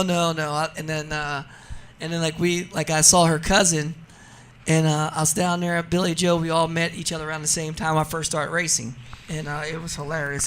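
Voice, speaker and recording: A man in his forties from New Jersey, a radio interview guest telling funny stories in a lively, laughing way. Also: fairly high pitch, slight background noise. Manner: animated, laughing storyteller. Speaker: guest, drag racer. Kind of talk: casual radio interview storytelling.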